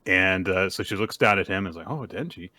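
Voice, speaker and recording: A man with a bright, forward voice recaps a story for his co-host in casual chat, leaping into little acted-out quotes along the way. The sound is dry and close, with no room around it. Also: sits low, quick pace, no room sound. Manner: animated storyteller, acts out quotes in bursts. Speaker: podcast co-host.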